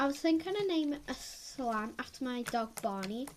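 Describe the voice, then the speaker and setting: A woman with a cold, sniffling as she reviews slime in a chatty, excitable way at home, often gasping and exclaiming. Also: high-pitched, normal speed, hardly any pauses. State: has a head cold, sniffling. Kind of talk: casual unboxing chat. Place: at home, filming on the floor. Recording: loud background noise and clicks.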